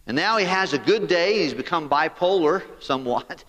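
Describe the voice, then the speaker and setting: A man preaching a sermon as pastor, animated and talking straight to his congregation. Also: a little high, a little fast, hardly any pauses, big-room sound.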